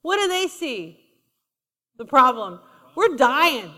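A woman's voice: sits high, big pitch swings, slow, sharp tone. A woman preaching a sermon in a conversational style, acting out quotes as she goes. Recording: long reverb of a large hall.

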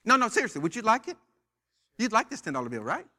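American pastor, high voice, preaching with call-and-response and light joking. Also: male voice, very animated, quick pace, pushed and bright. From United States. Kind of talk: sermon. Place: church.

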